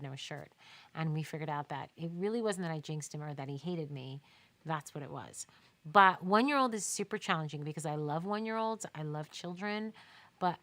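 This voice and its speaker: Chatty woman with a lowish voice. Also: fairly bright tone. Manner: emphatic, chatty storytelling with laughs and quoted dialogue. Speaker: newborn and baby photographer answering viewer questions. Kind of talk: casual live Q&A.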